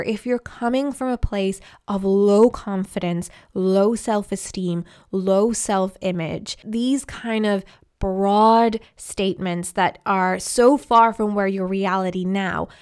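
Female podcast host, mid-pitched, talks listeners through steps warmly and clearly. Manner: encouraging, explanatory, acts out self-talk quotes. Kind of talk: self-help podcast talk.

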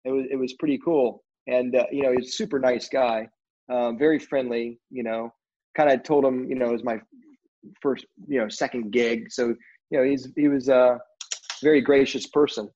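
A man's voice: mid-range voice, steady tone, normal speed, warm tone. Rambling middle-aged man telling stories. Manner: rambling, heavy on fillers like "you know". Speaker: film crew guest. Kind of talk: casual anecdotal storytelling. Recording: dull lo-fi recording.

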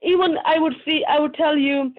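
High-voiced woman on a phone line. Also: fairly even intonation, moderate pace. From Pakistan. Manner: earnest, heartfelt, with frequent restarts. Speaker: guest author. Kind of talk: interview answers over a remote line.

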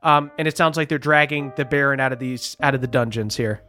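A man's voice: medium pitch, brisk, faint music behind. Laid-back man narrating as game master. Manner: relaxed descriptive narration with many fillers.

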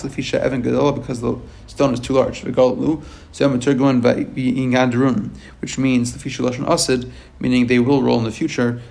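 A man with a gravelly, creaky voice leads a verse-by-verse text study. He reads each Hebrew phrase, then translates it into English, often catching himself and restarting. His delivery stays level, with little rise or fall. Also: mid-range voice, darkish tone. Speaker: Torah teacher.

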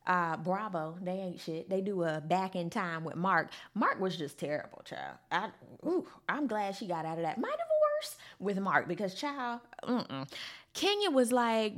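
A woman's voice: medium pitch, big pitch swings, measured pace. A woman recapping a reality show in casual, sassy podcast chatter, calling listeners honey and child.

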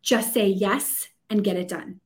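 A woman from the United States, a coach guesting on a podcast, bubbly and quick to laugh. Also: medium pitch. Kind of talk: casual podcast interview.

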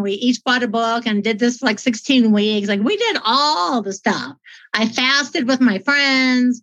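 A woman's voice: fairly high pitch, fairly bright tone. A middle-aged woman from the United States telling a heartfelt personal faith story in a chatty way, often close to tears. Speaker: guest. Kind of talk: emotional personal testimony. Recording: dull lo-fi audio.

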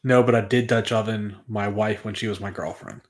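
A man's voice: lowish voice, fairly even intonation, a little fast. A man in his thirties, guest co-host on a podcast, telling stories in a rambling way with many fillers. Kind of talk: casual podcast chat.

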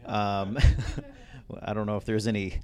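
A man's voice: on the low side, little pitch movement, a little slow. A man hosting an interview at a museum, recapping games in a casual way and then asking his guest questions.

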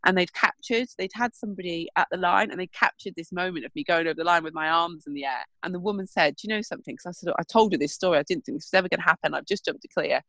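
A middle-aged woman co-hosting a casual chat, telling animated stories and acting out what people said. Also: lowish voice, racing, hardly any pauses, no echo. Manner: animated storyteller, acts out quotes. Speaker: podcast co-host.

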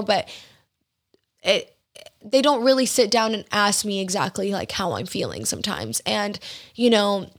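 A young woman hosting her own podcast, talking casually and confidingly about her week and her feelings, with many filler words. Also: mid-range voice. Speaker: podcast host. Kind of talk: casual solo podcast chat.

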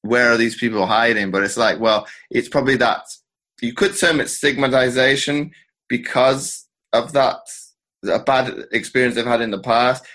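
A man hosting a podcast interview, asking probing questions in a hesitant, slowly built way. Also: mid-range voice, bright, forceful tone. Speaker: podcast host.

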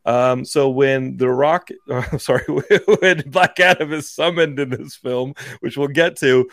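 A man's voice: mid-range voice, measured pace, a bit bright, no echo, clean studio sound. A man co-hosting a casual film review chat, laid-back and talking in long run-on sentences. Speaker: podcast co-host.

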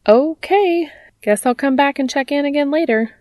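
A woman doing a high, teasing young woman. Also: level tone, moderate pace, mellow, no room sound, studio quality, natural voice.

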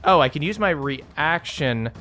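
A man's voice: on the high side, unhurried, faint music behind. A man playing a tabletop game, talking casually with hesitant fillers and jokes. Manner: relaxed, hesitant, joking. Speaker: player.

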